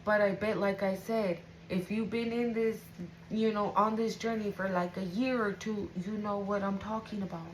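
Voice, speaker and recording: A woman's voice: mid-range voice, fairly even intonation, normal speed, slight background noise, low-quality recording. A woman giving an intuitive tarot reading to her viewers, casual and emotional, swearing freely and often checking in with "right?". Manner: casual, profane, emotional, keeps asking "right?". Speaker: tarot reader.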